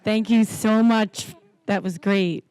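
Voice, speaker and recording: A woman's voice: medium pitch, fairly even intonation, slow pace, a little mellow, clean tone, no room sound. A woman in her thirties giving a heartfelt, rambling wedding toast.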